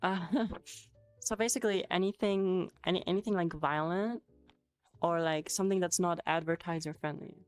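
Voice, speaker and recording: Giggly low-voiced woman streaming a lesson. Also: moderate pace, smooth. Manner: giggly, swears, chatty and loose. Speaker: streamer teaching Japanese. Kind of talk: casual live-stream lesson, answering chat. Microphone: headset. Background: faint music playing.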